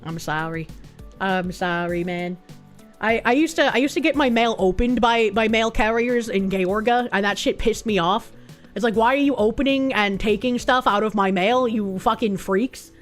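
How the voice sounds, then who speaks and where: A woman's voice: on the high side, normal speed, soft background music. Sarcastic Boston-accented woman streamer. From United States. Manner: sarcastic, laughs often. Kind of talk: casual chat reading donation messages.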